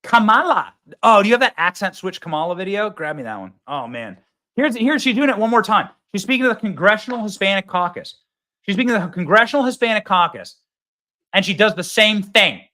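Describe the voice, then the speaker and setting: A man in his thirties hosting a political commentary show on a studio mic. His voice is bright and animated and ranges widely. He talks in an excitable, mocking way. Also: high voice, fairly quick. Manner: excitable, mocking, laughs often. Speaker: host.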